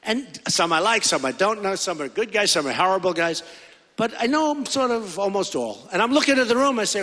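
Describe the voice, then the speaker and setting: A middle-aged man with a high, bright, forceful voice gives a campaign rally speech. He rambles and repeats himself, dropping offhand asides to the crowd. His voice booms through a large hall with a long, echoey reverb. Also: animated, fairly quick. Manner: rambling and repetitive, with conversational asides. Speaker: political candidate.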